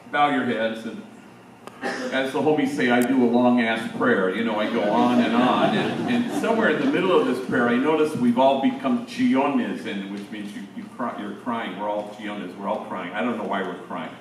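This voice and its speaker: A man's voice: medium pitch, normal speed, a little hiss or hum. An older man, a priest, tells stories to a room of teachers in an easy, conversational way. His voice comes from a distance and rings through a very echoey hall. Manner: conversational, anecdotal with slang asides. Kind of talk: storytelling talk to teachers.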